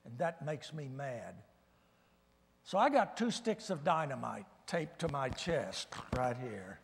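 A man's voice: mid-range voice, sing-song, slow pace, creaky, big-room sound, voice pushed down, exaggerated voice. A man acting out a hotheaded man who has taped dynamite to his chest, told as a story within a church sermon. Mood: aggrieved.

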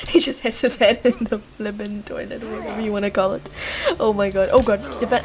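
A woman's voice: mid-range voice, steady tone, moderate pace, faint music behind. A young woman with a Lithuanian accent, a native Lithuanian speaker doing let's-play commentary, laughing, swearing and joking at the screen. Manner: loud, giggly, cursing, joking at the screen. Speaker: gamer.

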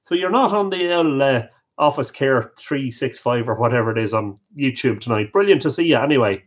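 A man's voice: medium pitch, expressive, moderate pace. Chatty Irish man hosting a livestream. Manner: chatty, greets viewers one by one. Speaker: host. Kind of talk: live-stream chat, reading out viewer comments.

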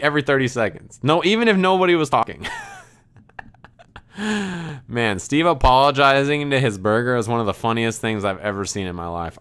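While streaming, a man tells a meandering story in casual chat, laughing as he goes and filling it with "like" and restarts. His voice is mid-range, smooth and a bit bright.

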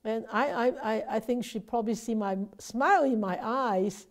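A woman's voice: fairly high pitch, normal speed. A Buddhist nun teaching an informal Dharma class over a video call, talking conversationally, often restarting and repeating words and checking in with her listeners.

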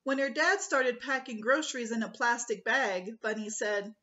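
A woman, a preschool teacher, reading a picture book aloud to children in a slow, expressive way. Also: fairly high pitch, highs cut off.

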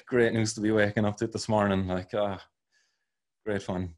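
A man's voice: lowish voice, animated, slow pace. A man hosting a podcast interview in casual chat, hesitant with many fillers. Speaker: podcast host.

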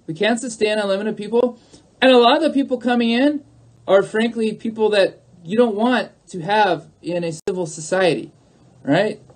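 A man on a livestream who talks to his chat, arguing in a mocking, sarcastic way and repeating his points. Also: high voice. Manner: argumentative, repeats himself. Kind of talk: livestream talk answering chat.

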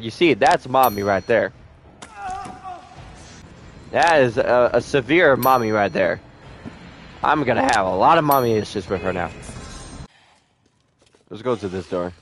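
A young man giving casual let's-play commentary, joking, swearing a lot and letting out sudden loud whoops. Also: medium pitch, expressive, unhurried, long pauses, soft background music. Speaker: gameplay streamer.

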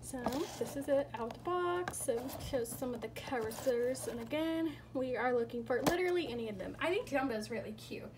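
High-voiced woman gushing over toys. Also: a little fast, hardly any pauses, background noise. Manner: gushing, squealing with excitement at each reveal. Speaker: toy unboxing vlogger. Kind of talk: casual unboxing chat.

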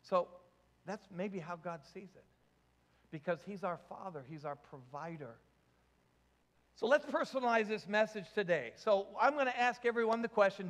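A man's voice: high voice, big-room sound. A man preaching a sermon as pastor, joking and asking the congregation questions. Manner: jokey, asks the congregation questions.

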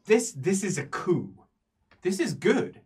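A man voicing an eager, excitable male court magister who gushes and talks fast. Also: on the high side, recorded from a distance. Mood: excited. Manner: gushing, rapid.

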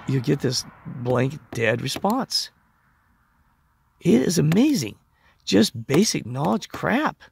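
A man with a hoarse voice, rambling in a casual monologue and acting out the conversations he reports. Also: medium pitch, slight background noise. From United States. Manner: rambling, acts out quoted conversations. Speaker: vlogger.

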